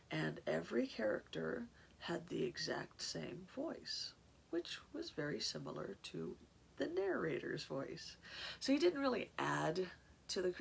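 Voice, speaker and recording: Gravelly, breathy-voiced chatty woman host. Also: sits low. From California. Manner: rambling, chatty, many restarts. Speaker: podcast host. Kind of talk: casual chat.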